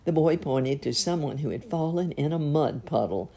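A woman reading a storybook aloud in a gentle, measured way. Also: low voice, expressive, creaky. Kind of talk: storybook narration.

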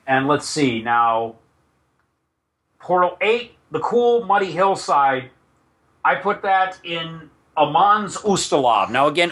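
A man with a bright, forceful, fairly high voice hosts a tabletop role-playing podcast. He rambles casually, throws asides to listeners, and reads lore passages aloud. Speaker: podcast host and game master. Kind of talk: casual chat mixed with reading setting text aloud.

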